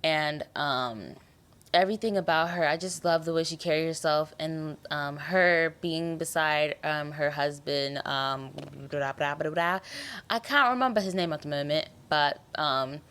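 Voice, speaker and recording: A young American woman with a low voice chats casually on her podcast. She sounds tired but keeps rambling in an animated way, often trailing off and starting over. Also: a little slow, clean tone. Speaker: podcast host. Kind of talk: casual TV review chat.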